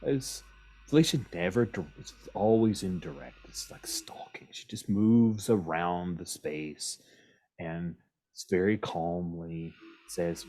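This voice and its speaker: A man's voice: low-pitched, slow pace, mellow. A man narrating as game master in a casual, rambling way.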